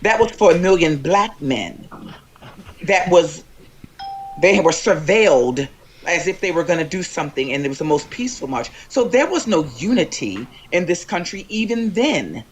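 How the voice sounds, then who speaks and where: A panelist speaking in a forceful, profane, emphatic way during a heated political panel chat, calling in remotely. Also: medium pitch, sing-song, moderate pace, a little hiss or hum. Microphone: remote call-in to live panel.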